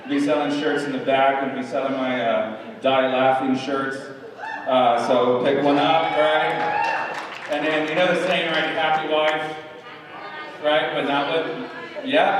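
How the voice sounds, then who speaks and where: A high-pitched man in his thirties delivers a crude, profane comedy set and riffs with the crowd. His voice comes from a distance through a booming, echoey club with a long reverb tail. Audience laughter and a loud noisy room fill the background. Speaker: stand-up comedian. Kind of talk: live stand-up set. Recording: echoey club heard from far off.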